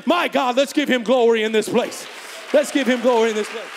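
A man preaching a fervent sermon, shouting and calling out to the congregation, in an echoey hall with a faint congregation behind. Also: very high-pitched, fairly quick, vocal fry, a crowd in the background, noisy background. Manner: fervent, shouting, call and response.

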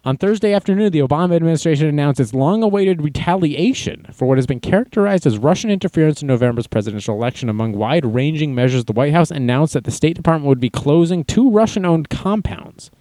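A man's voice: mid-range voice, dark tone, no room sound. A man hosting a casual livestream, reading chat messages and news aloud with sarcastic, mocking asides. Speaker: livestream host.

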